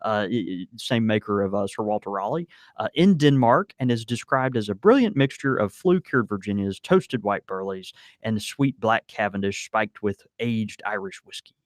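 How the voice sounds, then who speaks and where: Halting, filler-heavy male podcast co-host. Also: lowish voice, lively intonation, dry recording, studio quality. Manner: halting, many fillers and restarts. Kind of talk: casual chat.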